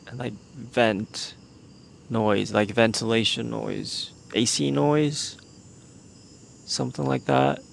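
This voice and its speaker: A man's voice: mid-range voice, fairly even intonation, slow, gravelly, a little hiss or hum. A young man hosting a casual solo podcast outdoors in the evening, rambling and unsure as he thinks aloud. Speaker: podcast host.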